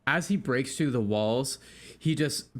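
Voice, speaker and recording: A man playing a tabletop game, casually describing his character's actions and quick to joke. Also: medium pitch, expressive. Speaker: player.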